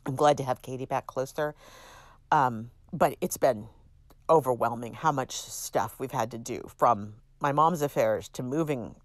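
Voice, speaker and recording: A very deep, slightly slow female voice comes through on a dry recording. She's a middle-aged California woman hosting her own podcast, rambling through a casual solo monologue in a chatty, self-deprecating way with many restarts.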